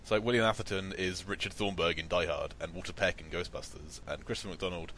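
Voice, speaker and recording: A man's voice: low-pitched, steady tone, fast talker, crowd noise. A man who is a guest on a film podcast, talking in a rambling way with restarts and a dry humor. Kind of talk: casual film podcast chat.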